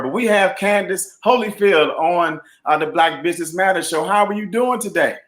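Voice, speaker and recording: A man's voice: high voice, normal speed, few pauses, echoey room. A man from Chicago hosting a business interview show, talking casually and energetically, dropping "man" into his sentences. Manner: energetic, slangy, repeats "man". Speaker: host.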